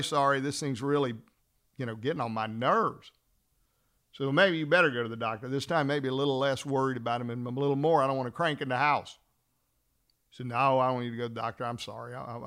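A man teaching fellow trial lawyers, telling a story and acting out the dialogue, then slowing down to stress his key points. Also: fairly high pitch. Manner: acts out dialogue in a lively storytelling way. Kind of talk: storytelling lecture.

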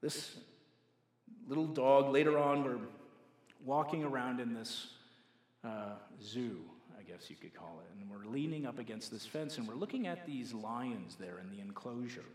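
A man preaching a sermon, moving from a told story to forceful preaching, recorded in a reverberant hall. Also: mid-range voice, expressive, normal speed. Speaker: pastor. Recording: echoey hall with long reverb.

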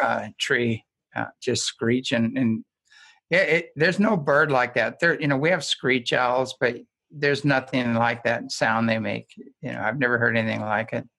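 A man's voice: medium pitch, steady tone, moderate pace, a bit bright. A man talking as a guest in a casual conversation, telling stories in a rambling way with frequent restarts and chuckles.

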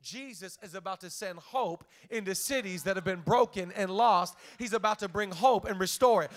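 A young man preaching an energetic, joking sermon to a church crowd, talking fast with lots of "like" and restarts. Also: high-pitched. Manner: hyped, quick, lots of "like" and restarts. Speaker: guest preacher.

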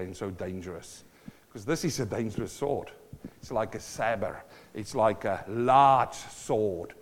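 A fairly low-pitched male pastor preaches a spirited sermon, repeating phrases and laughing between points, with slight background noise. His voice rings with long reverb through the hall.

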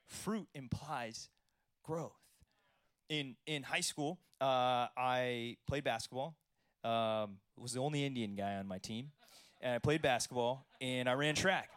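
A man preaches a sermon in a lively storytelling way, dropping to quiet, intimate lines and then rising to loud bursts. His voice sits at a middle pitch. The sound is dry and close, with little room echo. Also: measured pace, clear, resonant tone. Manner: animated storytelling, swings between soft and loud. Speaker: pastor.

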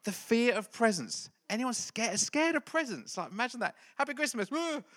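A man's voice: very high voice, sing-song, moderate pace, a bit bright. A middle-aged male pastor giving a playful, jokey church talk and quizzing the congregation. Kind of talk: lively church talk with a quiz.

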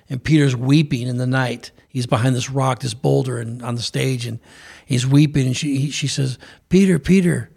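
A man's voice: medium pitch, gravelly. A man preaching on a broadcast program, speaking fervently with frequent restarts. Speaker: preacher and co-host.

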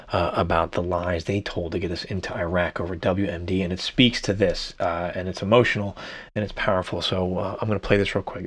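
A man's voice: lowish voice, a bit bright. A middle-aged man hosting a solo podcast, rambling and self-reflective, with many restarts. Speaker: podcast host. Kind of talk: casual solo podcast monologue.

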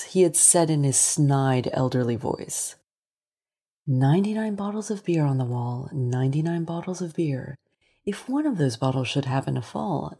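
A woman narrating a short story in a measured, deliberate scripted reading. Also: sits low, vocal fry, a little mellow, husky.

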